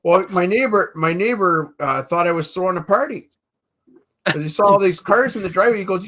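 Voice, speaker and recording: A man's voice: sits high, a little fast, bright, forceful tone. A man guesting on a podcast, telling stories in a chatty way and tagging sentences with "eh" and "right". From Canada. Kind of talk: casual storytelling chat.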